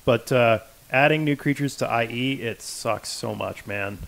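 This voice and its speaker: A man's voice: mid-range voice, a little slow, creaky, fairly bright tone. A man co-hosting a game developer livestream, talking in an easygoing, explanatory way. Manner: easygoing, explanatory, laid-back. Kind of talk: casual livestream chat.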